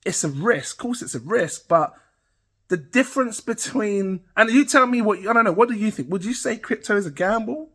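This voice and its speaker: Brief: British man, middle-aged, higher-pitched, loose and rambling host to camera. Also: lively intonation, moderate pace, fairly bright tone. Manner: rambling, chatty, laughs at himself. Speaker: crypto channel host. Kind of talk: casual talk to camera.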